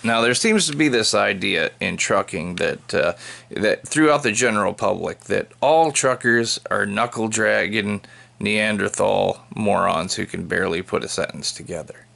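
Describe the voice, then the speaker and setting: A man's voice: on the low side, normal speed, gravelly, a bit bright. A man doing a sarcastic stand-up routine as a trucker, telling wry stories. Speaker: trucker comedian. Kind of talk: stand-up comedy how-to monologue.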